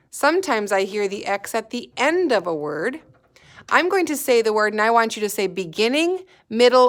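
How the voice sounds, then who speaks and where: A woman teaching a phonics lesson to young children, sounding out each letter slowly and clearly and encouraging them to join in. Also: mid-range voice. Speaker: kindergarten teacher.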